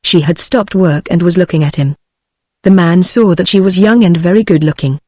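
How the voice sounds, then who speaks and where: A text-to-speech British woman's voice giving scripted audiobook narration with even, synthetic delivery. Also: on the low side, normal speed, no room sound. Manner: evenly read synthetic delivery. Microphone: studio-clean synthetic audio.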